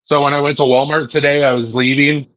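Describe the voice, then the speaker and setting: A man's voice: on the high side, little pitch movement, brisk, a bit bright, dry recording, highs cut off. A man making knives in a garage workshop, chatting casually with his co-host while he works. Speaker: knifemaker streamer. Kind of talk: casual chat while working.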